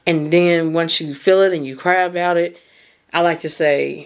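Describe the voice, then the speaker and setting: A woman's voice: on the low side, fairly even intonation, moderate pace. Candid, laughing woman podcast host. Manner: candid and conversational, casual swearing, frequent laughter. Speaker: podcast host and mindset coach. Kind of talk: casual podcast monologue.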